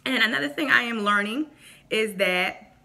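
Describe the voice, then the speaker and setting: A woman vlogging casual faith advice to camera, animated and acting out quotes in voices. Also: on the high side, moderate pace, gravelly.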